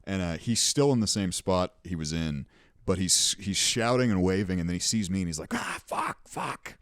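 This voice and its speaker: A man's voice: low-pitched, fairly quick, clean tone, no room sound, clean studio sound. A young man hosting a podcast, telling rambling, profane anecdotes in casual chat. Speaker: podcast host.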